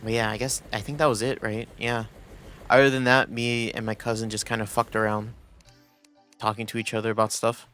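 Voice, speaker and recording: A man's voice: lowish voice, flat delivery, brisk, fairly bright tone, faint music behind. A young man streaming and chatting casually, rambling with lots of restarts and quoted asides. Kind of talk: casual chat.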